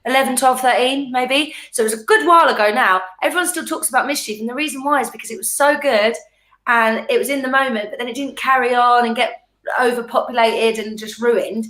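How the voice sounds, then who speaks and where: A woman's voice: a little high, fairly quick, fairly bright tone. Jokey sweary woman in an echoey room. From Norfolk, England. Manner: jokey, swears freely, talks over her sister. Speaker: musician guest. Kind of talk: casual interview chat.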